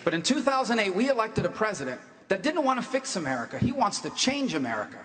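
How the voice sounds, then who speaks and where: A man running for president, answering forcefully in a political debate with emphatic, repetitive phrasing. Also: sits high, very animated, fast talker. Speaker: presidential candidate. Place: large debate hall on stage. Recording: echoey hall reverb.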